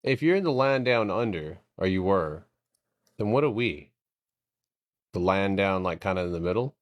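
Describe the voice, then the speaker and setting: A man's voice: low voice, expressive, moderate pace, dry recording. A man casually chatting through chart setups on a live stream, joking around and swearing freely as he thinks aloud. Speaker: stock trading streamer.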